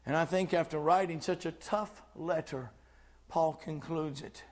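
A man's voice: a little high, unhurried. A man preaching a sermon with fervent, emphatic repetition.

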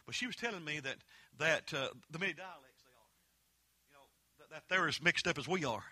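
A man preaching a fervent holiness sermon, mixing folksy storytelling with loud emphatic peaks. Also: on the high side, fairly quick.

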